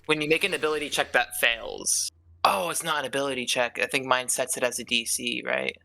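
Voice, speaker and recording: A man playing a tabletop game, excitable and swearing freely, laughing often as he plans his moves. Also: mid-range voice, brisk, vocal fry. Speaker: player. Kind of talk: tabletop game play, casual.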